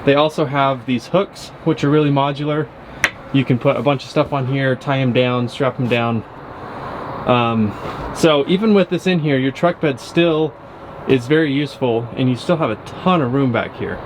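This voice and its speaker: A man's voice: medium pitch, normal speed. A man giving a casual, upbeat walkaround of a truck in a vlog, with frequent fillers. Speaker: truck reviewer. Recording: windy outdoor noise.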